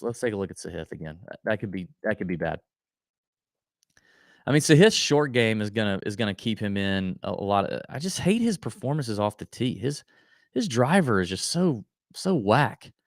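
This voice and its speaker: A man's voice: medium pitch, dry recording, clean studio sound. A man hosting a golf betting show, thinking aloud in a casual, rambling way with lots of restarts. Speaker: golf betting podcast host. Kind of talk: casual solo betting analysis.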